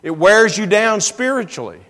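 A man's voice: high voice, animated, normal speed, bright, forceful tone, long reverb tail. A man preaching a sermon in a church, earnest and given to repeating words for emphasis.

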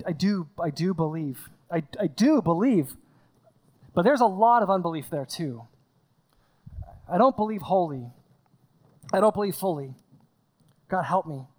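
A man preaching a sermon from a stage in a conversational way, acting out scenes and often repeating his words. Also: sits high. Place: stage in front of a congregation.

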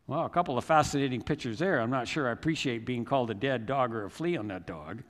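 A man's voice: mid-range voice, fast talker, hardly any pauses, long reverb tail. A male pastor telling a Bible story in a reflective, conversational sermon, with self-deprecating asides.

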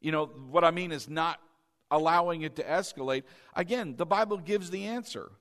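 A middle-aged man preaching a sermon as pastor in a church. He talks in an animated way, climbing to loud emphasis and then dropping low and confiding. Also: normal speed.

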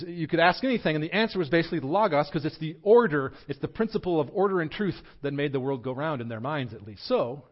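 Conversational pastor with a Southern accent. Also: male voice, fairly high pitch, fast, hardly any pauses, dull audio. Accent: Southern American. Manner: conversational, self-deprecating teaching with rhetorical questions. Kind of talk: sermon.

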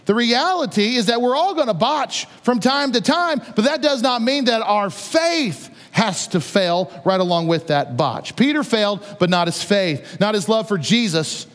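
A man with a high voice preaching in a conversational, animated way, slipping in playful asides as he retells the story. His voice rings with a long hall reverb. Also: normal speed, hardly any pauses. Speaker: pastor. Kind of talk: sermon.

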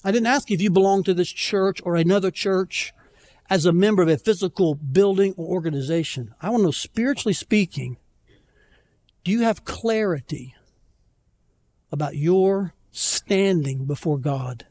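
A man preaching a conversational sermon as pastor, telling stories with self-deprecating humor and slowing down to plead earnestly. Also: high-pitched, darkish tone. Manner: conversational storytelling, self-deprecating, pleading slowly at key points. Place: church.

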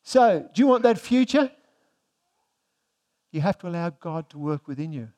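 High-voiced man preaching a sermon. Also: lively intonation, moderate pace. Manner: asks the congregation rhetorical questions; swings between emphatic and hushed delivery. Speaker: pastor.

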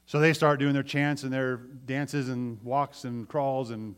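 A man's voice: mid-range voice, a little slow, clean tone. A man preaching a sermon to a congregation, retelling a scripture story with energy and acting out the voices of its characters. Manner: animated storytelling, acts out quoted voices. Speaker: pastor.

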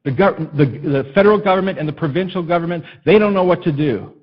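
A male pastor preaching a sermon in an impassioned way that builds to loud, emphatic peaks. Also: a little high, fast talker, slightly rough, muffled recording.

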